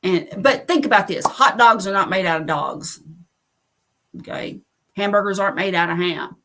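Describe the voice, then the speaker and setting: A woman's voice: medium pitch, normal speed, sharp tone, a little hiss or hum. A middle-aged woman with a Southern accent hosting a live stream, telling stories in a rambling, self-amused way. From United States. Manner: rambling, many fillers, laughs at herself. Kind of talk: casual chat on a live stream.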